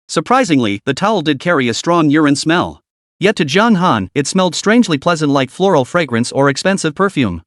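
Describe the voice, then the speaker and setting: A male narrator tells a dramatic story with a voice pitched slightly high. His delivery rises and falls expressively, and the recording is close and dry. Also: big pitch swings, fairly quick, fairly bright tone, no echo. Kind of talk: scripted narration.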